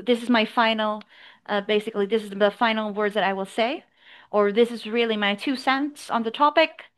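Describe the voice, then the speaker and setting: Woman coaching IELTS speaking, slightly high voice. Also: fairly bright tone. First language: English. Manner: encouraging, explains slowly with examples. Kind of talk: online speaking lesson feedback.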